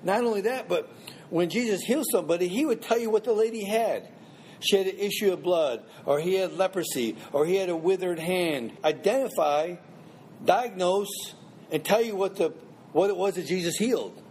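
A man's voice: high-pitched, normal speed, a little mellow, a little hiss or hum. A man teaching a Bible class in a conversational way, asking the class questions and repeating points for emphasis.

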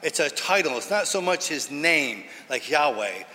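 A man's voice: a little high, animated, moderate pace, bright, forceful tone. A man teaching from the Bible in an earnest, emphatic sermon style. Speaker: preacher. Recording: hall reverb.

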